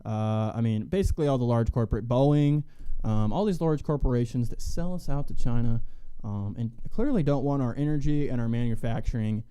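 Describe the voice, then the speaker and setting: A male podcast co-host talking politics in a loose, casual way. He hesitates often and fills pauses as he goes, in a warm, mellow voice. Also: mid-range voice, smooth. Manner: relaxed, hesitant, many fillers.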